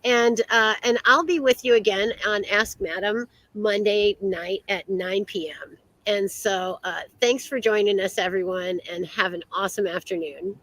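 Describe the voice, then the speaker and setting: A woman's voice: medium pitch, fairly even intonation, unhurried, fairly bright tone, no echo, rough recording. An American woman co-hosting a casual podcast chat, rambling with many fillers and restarts. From United States. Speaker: podcast co-host.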